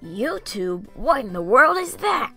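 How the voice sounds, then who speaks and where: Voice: medium pitch, sing-song, unhurried, creaky, pushed and bright, faint music behind, exaggerated voice. A performer voicing an old male professor in an amateur animation, lecturing and easily baffled.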